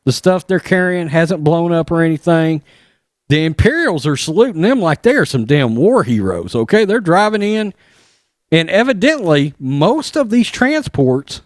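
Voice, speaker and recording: A man hosting a podcast, retelling an episode in a casual, animated way, with asides and chuckles. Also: high-pitched, measured pace, long pauses, no echo, studio quality. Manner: animated storytelling with asides and laughs. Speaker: podcast host.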